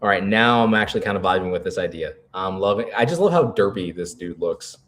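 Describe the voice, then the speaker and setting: A man with a low voice co-hosts a live stream and brainstorms out loud. He rambles in an animated way and keeps stacking "like" and "you know" as he talks. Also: fast. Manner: rambling, animated, full of "like" fillers. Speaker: co-host. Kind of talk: casual live-stream chat.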